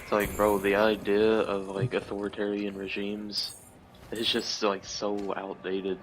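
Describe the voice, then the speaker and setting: A man's voice: lowish voice, completely flat delivery, unhurried, soft background music, low-quality recording. A man in casual stream chat, slangy and laughing, saying "bro" a lot.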